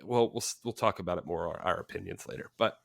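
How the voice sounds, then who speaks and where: A man's voice: sits low, fast talker, creaky. A man co-hosting a casual talk show, reading reviews aloud with mock drama and frequent laughter. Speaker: podcast co-host. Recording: echoey room.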